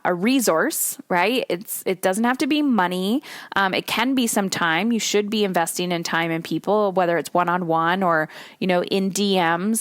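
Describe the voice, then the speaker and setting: A woman hosting her own podcast, talking solo in an animated coaching tone. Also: mid-range voice, no room sound, clean studio sound. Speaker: podcast host.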